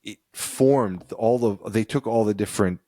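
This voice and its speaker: Podcast co-host, very low voice, dry close sound, meandering casual talk. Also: male voice, unhurried, mellow, no room sound. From United States. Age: adult, a parent. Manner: rambling, thinks aloud with restarts. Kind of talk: casual chat.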